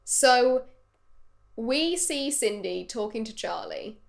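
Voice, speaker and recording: Young woman, slightly high voice, relaxed podcast banter, playful with soft trailing ends. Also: takes it slowly, creaky. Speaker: podcast co-host. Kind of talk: casual chat.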